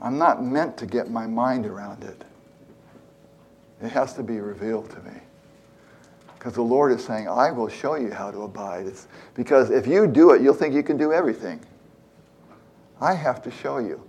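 A man's voice: mid-range voice, normal speed, pauses often, darkish tone, slight background noise. A man in his seventies preaching a conversational sermon, earnest, repeating phrases for emphasis and acting out prayers. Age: 70s.

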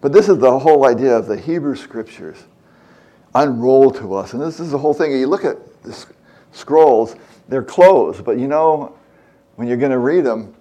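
An older man preaching a relaxed, conversational sermon as a pastor, often pausing with fillers as he addresses young listeners. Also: medium pitch.

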